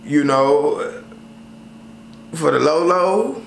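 A man talking casually to camera about travel tips, slangy and animated, full of fillers. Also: a little high, very slow, gravelly. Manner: loose, slangy, animated storytelling with many fillers. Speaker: travel vlogger. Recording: roomy sound with faint ambient noise.

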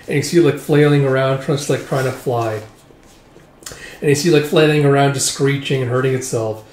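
A man's voice: mid-range voice, fairly even intonation, fairly quick, a little mellow, a little hiss or hum. A man recapping a manga in a casual vlog, rambling with lots of "it's like" and "just, like" between his summaries. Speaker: manga reviewer. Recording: roomy echo.

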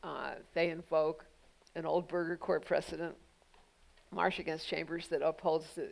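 A woman's voice: fairly low pitch, vocal fry, fairly bright tone, low-quality recording. A woman guest at a public onstage conversation, answering audience questions in a thoughtful, pointed way with frequent "you know" fillers. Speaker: guest speaker, legal journalist.

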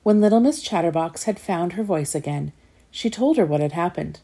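A woman reading a children's picture book aloud, gently asking her young listeners questions. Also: lowish voice, lively intonation, normal speed, creaky, husky. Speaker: storyteller.

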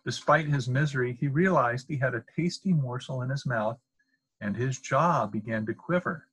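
An older man with a husky voice, reading a picture book aloud as a grandfather. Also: medium pitch, normal speed, a bit bright, poor audio.

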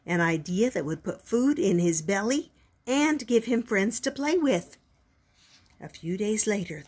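An older woman reading a picture book aloud as a storytelling grandmother, gentle and expressive. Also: medium pitch, husky.

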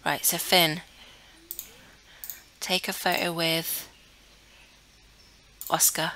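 A woman's voice: low voice, steady tone, drawn-out words, long pauses, sharp tone, a little hiss or hum. A young woman giving casual commentary on a life-sim game, chatty and easily flustered, talking to the characters on screen. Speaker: let's play gamer.

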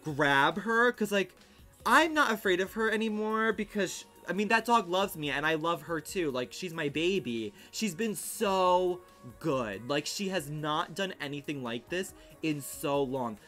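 A young man telling a story casually on his livestream at home, in a rapid, animated, filler-heavy way with swearing. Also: a little high, faint music behind.

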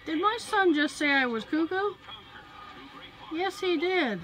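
A woman's voice: high-pitched, expressive, slow pace, fairly bright tone, faint music behind, poor audio. A woman chatting in a rambling, casual way as she films her pets and bedroom at home on a handheld camera. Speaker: mother filming her home. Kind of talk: casual home video chat.

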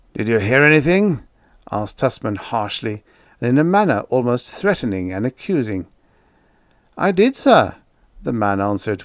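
A man's voice: fairly low pitch, no echo, studio quality. A man voicing an obsessed, haunted male explorer who growls and raves. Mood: harsh. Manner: growling, raving.

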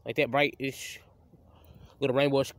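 A man's voice: medium pitch, little pitch movement, moderate pace, no room sound. Rambling young man vlogging by a creek. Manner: rambling, stammering and restarting. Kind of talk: casual outdoor vlog. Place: outdoors by a creek. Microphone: handheld phone camera.

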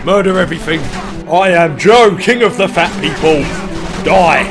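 A man voicing a ranting, murderous male video game brute who bellows theatrical threats over loud music. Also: on the high side, normal speed, vocal fry, voice pushed up. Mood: bloodthirsty.

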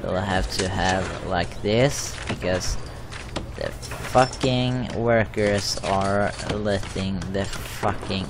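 A man giving casual gameplay commentary, swearing often in an exasperated way as he plays. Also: on the low side. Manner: profane, exasperated running commentary. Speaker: gaming video host. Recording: noisy background.

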